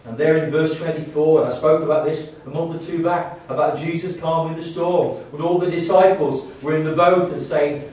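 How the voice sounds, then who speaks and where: A man preaching a sermon in a church, halting with many restarts and rising to fervent emphasis. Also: on the high side, fairly even intonation, darkish tone. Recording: echoey church hall, distant mic.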